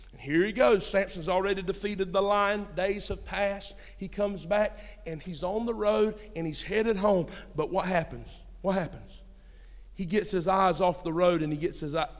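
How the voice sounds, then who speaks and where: A pastor with a high, ringing voice preaches in a church hall, where long reverb trails every phrase. He drops to a hushed storytelling tone, then climbs to shouted emphasis and keeps calling out questions to the people in the pews. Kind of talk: sermon. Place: church sanctuary.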